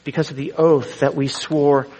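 A man's voice: fairly high pitch, level tone, moderate pace, darkish tone, rough recording. Earnest middle-aged man preaching. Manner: earnest, preaching with quoted scripture and asides. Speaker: pastor. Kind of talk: sermon.

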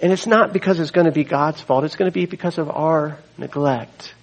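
A man's voice: on the high side, brisk, rough recording. A middle-aged man preaching a sermon, earnest, weaving in scripture quotes and asides. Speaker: pastor.

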